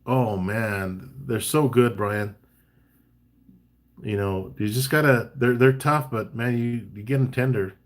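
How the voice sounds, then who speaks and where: A man hosting a casual live-stream chat. He talks in a relaxed, chatty way, reads out viewer comments and gives tips between bits of banter. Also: medium pitch, takes it slowly. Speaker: barbecue caterer and live chat host.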